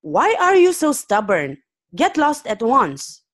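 A woman reading aloud and voicing an angry, distrustful man who owns the place and shouts dismissively. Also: mid-range voice, big pitch swings, moderate pace, pitched above the performer's own voice. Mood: furious.

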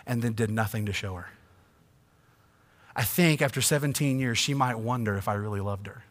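A man preaching a sermon, swinging from hushed asides to loud, emphatic passages. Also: medium pitch, moderate pace, long pauses. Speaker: pastor. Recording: long reverb of a church hall.

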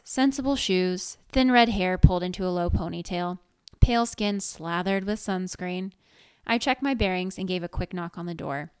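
A woman's voice: lowish voice, clean tone, dry recording. A woman narrating a first-person story in a wry, sarcastic, conversational way, recorded close to the mic.

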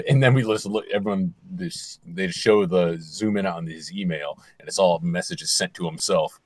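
A man's voice: sits low, moderate pace, few pauses, dry recording. A man teasing his co-hosts playfully in a casual comedic chat. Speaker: podcast co-host.

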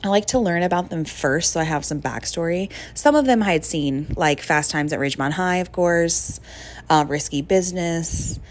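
A woman's voice: on the low side, normal speed. A young woman hosting a casual solo podcast, chatty and gushing with lots of fillers. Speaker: podcast host.

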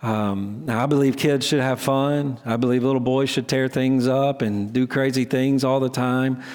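A man's voice: mid-range voice, fairly even intonation, normal speed, a little mellow. A middle-aged man preaching a sermon as pastor, conversational and self-deprecating, often restarting his sentences. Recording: long hall reverb.

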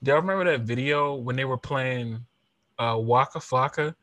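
Animated man hosting a podcast, dry sound. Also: mid-range voice, moderate pace, no echo. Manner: animated, laughing storyteller, slangy. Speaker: podcast host. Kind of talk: casual chat.

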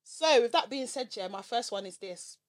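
A woman's voice: fairly high pitch, expressive, normal speed. A woman co-hosting a podcast, explaining her views at length in casual, opinionated chat. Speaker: podcast co-host.

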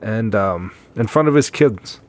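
A man with a somewhat low voice talks casually on a podcast. He speaks in a relaxed way and keeps chiming in to back up his co-host. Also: a little slow. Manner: laid-back, frequent agreeing interjections. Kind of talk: casual chat.

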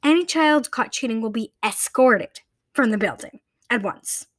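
A stern female test proctor barks out rules and threats with an imposing, commanding manner, as a woman reading a story puts her on. Her voice sits fairly high and is recorded close and dry, with no room sound. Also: expressive, measured pace, no room sound. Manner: barking, commanding orders.

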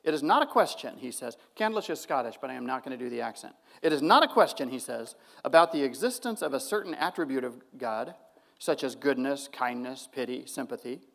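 A man presenting an academic theology paper, reading long quotations and breaking off for casual asides. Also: medium pitch. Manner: reads quotations with asides and fillers. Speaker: theology lecturer.

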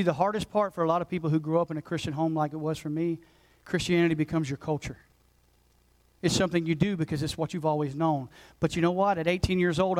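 A man in his forties, a pastor preaching a passionate sermon that swings between loud urgency and hushed intensity. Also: high-pitched, rough recording. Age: 40s. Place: church sanctuary.

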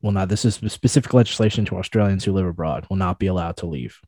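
A man's voice: low voice, quick pace, mellow, dry recording. Man, podcast host, reads headlines then riffs, dry close sound. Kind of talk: casual news discussion podcast.

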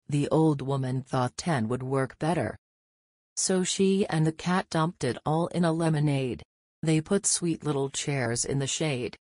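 A narrator reads a rhyming bedtime story aloud in a steady, deliberate way. The voice sits in a middle pitch, and the recording is dry and close with no echo.

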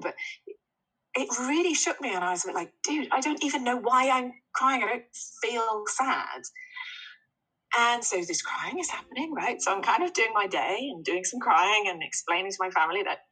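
Bright, breathy woman chatting. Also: medium pitch, big pitch swings, quick pace, poor audio. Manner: earnest, laughs often. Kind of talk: casual chat.

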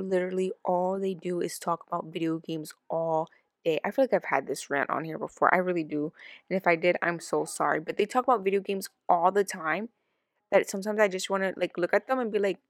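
A woman co-hosting a casual chat who rants in quick bursts and talks over her partner. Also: fairly low pitch, fairly even intonation, no room sound, studio quality. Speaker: podcast co-host.

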